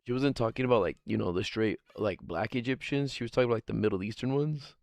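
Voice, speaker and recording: A man's voice: mid-range voice, fast, gravelly, a little mellow, no room sound. A man streaming live, chatting casually in a rambling, profane way and laughing often as he answers chat. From Guam.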